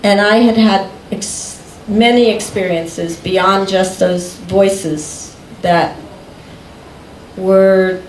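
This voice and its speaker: A woman telling a personal story in conversation, unhurried and often breaking into laughter. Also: mid-range voice, steady tone, a little hiss or hum. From United States. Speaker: guest recounting a personal story. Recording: echoey room.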